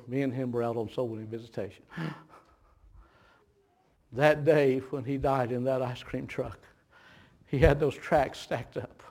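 A man preaching a sermon, telling a folksy story with laughter that turns hushed and grave, with audible gasps between phrases. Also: medium pitch. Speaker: pastor.

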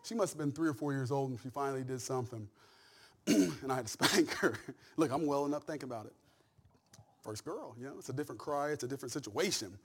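A middle-aged male pastor preaching a sermon with folksy humor, swinging from soft, intimate asides to shouted climaxes. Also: mid-range voice, fast, husky. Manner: humorous, folksy storytelling with laughs.

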